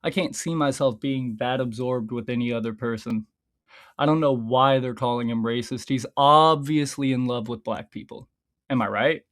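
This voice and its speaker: A man's voice: mid-range voice, moderate pace, a bit bright. A man streaming casually, reading his own scripts aloud in a loose, rambling way, swearing a lot and often stopping to laugh at his own lines.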